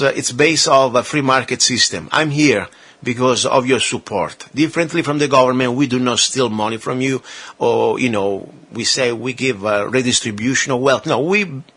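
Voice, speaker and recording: A man's voice: mid-range voice, bright, forceful tone. A male talk radio host interviewing a guest and making earnest, persuasive appeals to his listeners.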